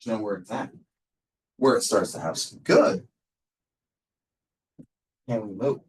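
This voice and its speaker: A man's voice: on the low side, sing-song, a little slow, far from the mic. A male instructor giving a casual recorded class lecture, rambling with many fillers and restarts.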